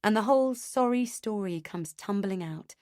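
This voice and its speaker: A woman reading a first-person thriller audiobook in a tense, measured way. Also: medium pitch, animated, a little mellow, dry recording, clean studio sound. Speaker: audiobook narrator.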